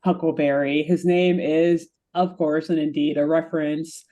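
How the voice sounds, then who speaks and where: A woman's voice: low voice, fairly even intonation, unhurried, mellow. A young adult woman co-hosting a podcast in casual chat, talking chattily with lots of fillers and frequent laughs. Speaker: podcast co-host.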